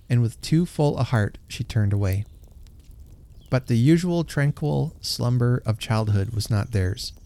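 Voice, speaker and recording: Gentle man reading a story aloud. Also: lowish voice.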